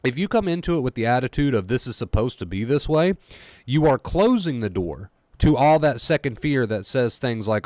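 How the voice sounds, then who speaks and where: A man's voice: medium pitch, animated, normal speed, a little mellow, no echo. Man coaching emphatically, dry close sound. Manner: emphatic and repetitive, acting out anxious inner thoughts in quotes. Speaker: anxiety recovery coach. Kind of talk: solo motivational talk to camera.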